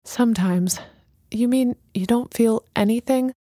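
A woman voicing a calm, gentle older street woman with a spiritual gift, speaking softly. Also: a little high, unhurried, no echo, clean studio sound. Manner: calm, soft-spoken.

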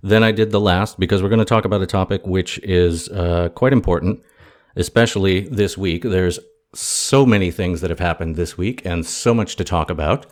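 Podcast host guy, joking around, upbeat, kinda low voice, casual chat. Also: normal speed. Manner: jokey, upbeat, self-mocking. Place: home in a city.

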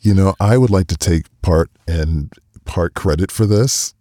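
Deep dark voiced guy hosting a podcast, gushy, keeps restarting his sentences. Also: a little slow, dry recording, clean studio sound. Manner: effusive, stumbling over restarts. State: emotional. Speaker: podcast host. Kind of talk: casual interview chat.

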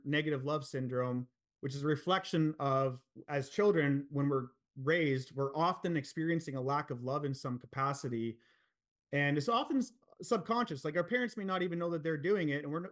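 A man's voice: on the high side, fairly bright tone. A man in his forties, a podcast guest, telling his story in a frank, earnest way, swearing freely and using many fillers. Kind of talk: candid storytelling in a podcast interview.

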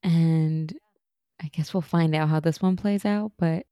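Female podcast co-host, chatty recap voice, mellow, dry close sound. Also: low-pitched, fairly even intonation, unhurried, dry recording. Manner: chatty, laughs often. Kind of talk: casual recap chat.

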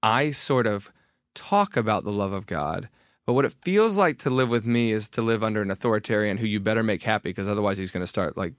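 An author in his thirties appears as a podcast guest, talking candidly and casually, often restarting sentences and poking fun at himself. He's animated and fairly quick, with a low-ish voice. The sound is dry and close, with no room or echo.

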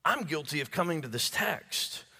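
A male pastor preaching a sermon. He stammers and repeats words as he builds emphasis, then drops to low hushed tones on key phrases. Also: lively intonation, moderate pace, vocal fry. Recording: long hall reverb.

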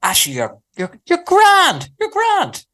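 A man impersonating a chummy male radio host, with slow, sing-song broadcaster patter. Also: very high-pitched, wildly swooping pitch, sharp tone, voice pushed up, heavily acted.

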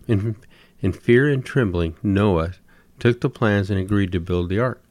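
A man tells humorous stories in a folksy, deadpan way. His voice sits low, and the sound is dry and close, with no room around it. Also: a little slow, no echo. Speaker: storyteller. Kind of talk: humorous storytelling.

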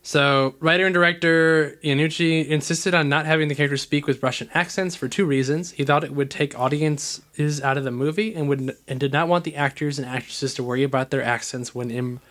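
A man's voice: fairly high pitch, fairly even intonation, fairly quick, few pauses, a bit bright. A man co-hosting a podcast, reading out film facts and then riffing on them loosely in casual chat.

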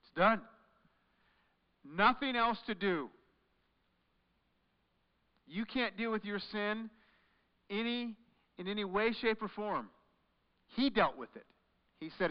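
A man delivers a sermon as pastor with a fairly high, smooth, resonant voice. He drops to near-whispers and then rises to loud, forceful lines. The recording is dull and carries a long echo from a large church hall. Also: expressive, slow pace, long pauses. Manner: dramatic swings from hushed to loud.

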